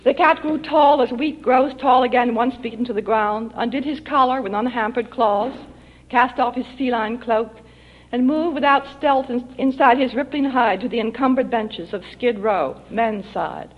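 A woman reads her own short story aloud at a public reading, with measured, expressive phrasing. Her voice sits somewhat high. The recording is dull and lo-fi, like old archival tape.

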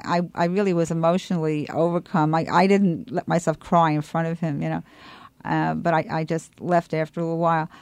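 A woman's voice: lowish voice, no room sound. Woman with a New York accent, dry. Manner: animated storytelling with frequent restarts and laughs. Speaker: radio interview guest, parent advocate. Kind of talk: radio interview.

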